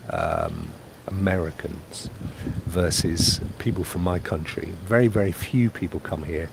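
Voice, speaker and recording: A man's voice: low-pitched, creaky, a little mellow, slight background noise. Chatty Englishman on a poolside stream. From England. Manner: chatty, rambling, reads out viewer comments. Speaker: live stream host. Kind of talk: casual live stream chat. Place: outdoors by a private pool on holiday.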